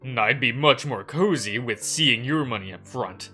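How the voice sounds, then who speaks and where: A man's voice: mid-range voice, animated, a little slow, sharp tone, faint music behind. A man voicing a brash young gambler who talks in a cocky, teasing way.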